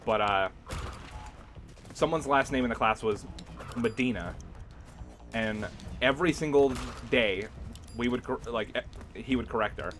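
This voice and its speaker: A man's voice: mid-range voice, moderate pace, long pauses, fairly bright tone, soft background music. A young man streaming a game, chatting loosely with lots of laughter and filler words as he rambles through a story. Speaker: gaming streamer. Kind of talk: casual livestream chat while gaming.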